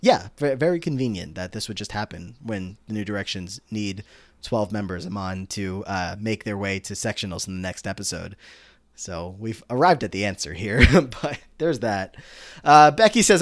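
A man co-hosting a casual podcast, recapping a TV episode with lively commentary and briefly playing out characters' lines in exaggerated voices. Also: on the low side, normal speed.

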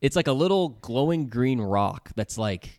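A man's voice: mid-range voice, animated, unhurried, darkish tone, dry recording, studio quality. A man in a casual movie recap chat who is jokey, laughs often and acts out quotes.

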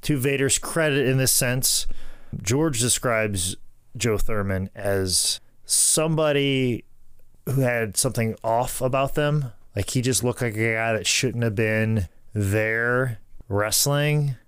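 A man co-hosting a podcast, telling stories in casual chat and quoting others in low put-on voices. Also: takes it slowly, smooth, dry recording. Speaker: podcast co-host.

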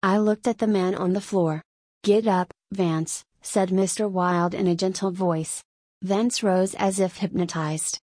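A woman narrating an audiobook in a steady, measured reading voice. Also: fairly low pitch, no echo.

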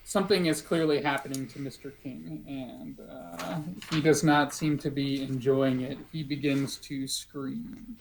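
A man's voice: medium pitch, fairly even intonation, a little slow, creaky, few pauses, a little hiss or hum, rough recording. A man narrating as game master of a tabletop game, chatty and loose, laughing often, with plenty of fillers.

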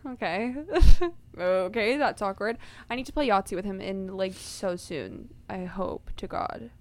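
A young woman co-hosting a podcast in casual chat, giggly and quick to exclaim. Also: mid-range voice. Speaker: podcast co-host.

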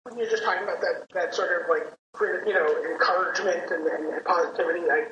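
A woman's voice: fairly low pitch, steady tone, fast, fairly bright tone, highs cut off, a little hiss or hum. Rambling woman podcaster, roomy sound. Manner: rambling storyteller, many fillers. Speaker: podcast host. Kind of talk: casual podcast chat.

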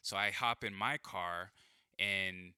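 A man's voice: low-pitched, steady tone, slow, sharp tone, clean tone, no echo, clean studio sound. A young man telling a personal story in casual chat, rambling, full of fillers and swearing.

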